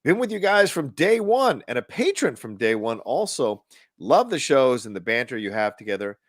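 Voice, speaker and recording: A man's voice: mid-range voice, sing-song, moderate pace, dry recording, clean studio sound, pitched above the performer's own voice, lightly acted. A man reading out a listener's email in a put-on Irish accent, voicing an Irish male fan. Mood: cheery.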